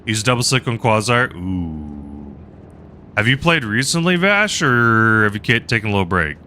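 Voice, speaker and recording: A male game streamer chats casually with viewers, rambling and trailing off. His voice is low but bright, with a lively, swinging intonation and faint background noise. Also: moderate pace. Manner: rambling, chatting with viewers, frequent laughs. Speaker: live streamer. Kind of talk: casual gaming commentary.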